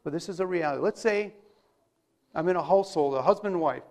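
High-voiced man preaching conversationally. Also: fast, darkish tone. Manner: conversational, asks rhetorical questions. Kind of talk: sermon.

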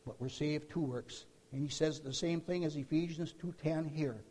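A man's voice: on the high side, moderate pace, a little mellow. A man preaching a sermon, telling a story with emphatic bursts and repeated words. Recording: long hall reverb.

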